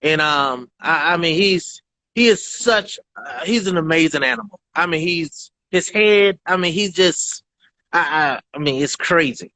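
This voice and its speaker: Brief: enthusiastic man guest, slightly high voice, live-stream chat. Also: lively intonation, measured pace, sharp tone, no room sound. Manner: effusive, enthusiastic. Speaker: guest, dog owner.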